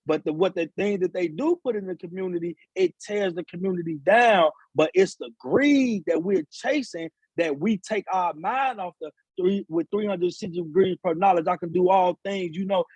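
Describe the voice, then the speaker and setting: A man speaks in a high, breathy-edged voice. He talks like a preacher, repeating himself and rising in force. The room sounds dry and close. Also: darkish tone, no echo, rough recording. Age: adult father of seven sons. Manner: preaching, repetitive, rising to emphatic peaks. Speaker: author and speaker, guest. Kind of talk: impassioned podcast talk.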